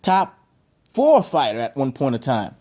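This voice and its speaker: A man's voice: medium pitch, huge pitch swings, a little slow, darkish tone. A man giving an opinionated boxing rant to camera, emphatic and heated, stacking rhetorical questions and repeating his points. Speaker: boxing commentator.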